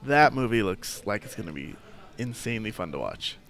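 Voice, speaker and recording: A man's voice: fairly low pitch, big pitch swings, fairly quick, a bit bright. Laid-back man hosting a podcast. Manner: easygoing, laughs often, filler-heavy. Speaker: podcast host. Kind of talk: casual chat.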